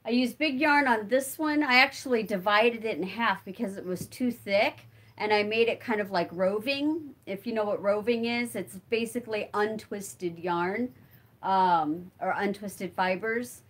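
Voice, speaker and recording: A middle-aged woman hosts a casual livestream, crafting while she chats with viewers and answers their comments. She rambles and thinks aloud with plenty of fillers, her mid-range voice unhurried and fairly bright.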